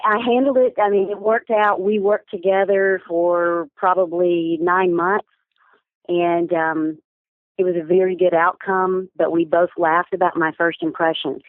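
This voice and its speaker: A woman, a business communication coach and interview guest, explains her points in an articulate, measured, instructive way. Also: lowish voice, fairly even intonation, no echo. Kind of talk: interview answers. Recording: tinny phone-line sound.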